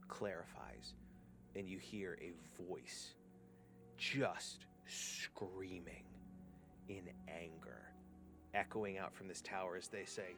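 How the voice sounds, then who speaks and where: A deep-voiced man acts as game master for a tabletop game, describing the scene in vivid detail while using some hesitant fillers.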